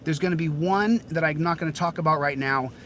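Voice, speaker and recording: A man's voice: a little high, fairly quick, a bit bright, a little hiss or hum, poor audio. A man hosting a casual livestream outdoors, hot and sweating, talking in a rambling way with many repeated phrases. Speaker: livestreaming channel host. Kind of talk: casual live-stream chat.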